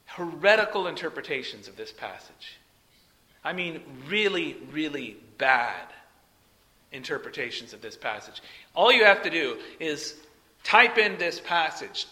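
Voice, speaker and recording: A male preacher delivering an expository sermon, emphatic, swinging from loud peaks to soft trailing phrase ends, mocking when quoting a rival teacher. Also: on the high side. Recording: long hall reverb.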